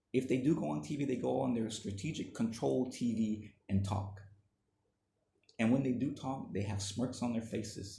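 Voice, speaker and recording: A man's voice: lowish voice, gravelly, warm tone, reverberant, a little hiss or hum. A man delivering an indignant, emphatic opinion monologue that keeps repeating its points. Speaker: commentator.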